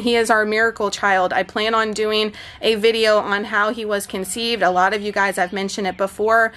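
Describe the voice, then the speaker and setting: A woman's voice: mid-range voice, fairly bright tone. A woman in her thirties vlogging from home, chatting straight to her followers in an emotional, effusive way. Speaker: fitness and keto vlogger. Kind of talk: casual vlog chat.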